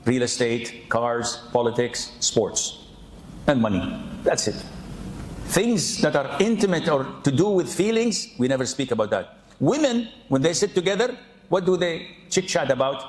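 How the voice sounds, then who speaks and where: A man preaching a humorous sermon-style reminder, acting out quoted voices with sudden high jumps in pitch. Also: animated, unhurried, roomy sound, slight background noise, rough recording. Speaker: Islamic preacher.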